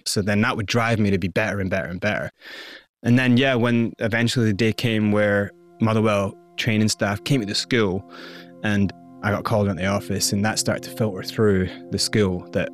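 A man with a Scottish accent, candidly recounting his past as an interview guest in a lively, conversational way. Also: on the low side, brisk, soft background music. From South Africa and Scotland. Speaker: interview guest, former hip-hop performer. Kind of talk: conversational storytelling.

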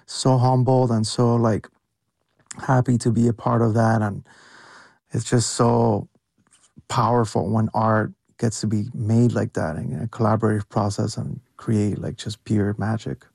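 A man's voice: lowish voice, flat delivery, measured pace, vocal fry, a little mellow, no echo. A young man who calls in to a radio interview, speaking casually and enthusiastically with many fillers. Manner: casual, heavy use of "like", enthusiastic. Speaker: interview guest, producer. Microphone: phone call-in.

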